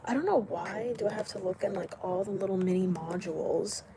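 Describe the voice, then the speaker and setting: A woman's voice: mid-range voice, fairly quick, a crowd in the background. Chatty young woman on a late-night stream. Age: young adult. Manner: chatty, greets viewers by name, laughs often. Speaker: livestream host. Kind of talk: casual late-night livestream chat. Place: indoors at home, late at night.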